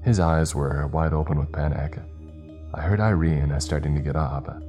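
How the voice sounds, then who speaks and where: A man narrating a first-person horror story in a steady, measured, scripted delivery. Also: very deep voice. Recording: faint music behind.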